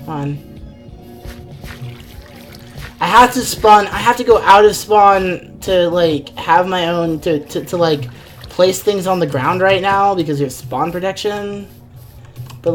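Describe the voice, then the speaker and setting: A woman streaming a game live, rambling and thinking aloud, often exasperated at what happens on screen. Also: sits low. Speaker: gaming streamer. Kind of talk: live let's-play commentary.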